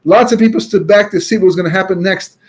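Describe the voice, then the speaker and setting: A man giving a Torah talk as a chatty storyteller, full of "you know" and restarts, sprinkling in Yiddish and Hebrew terms and turning loud and emphatic when he argues a point. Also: high voice, fast, breathy edge. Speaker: Torah speaker.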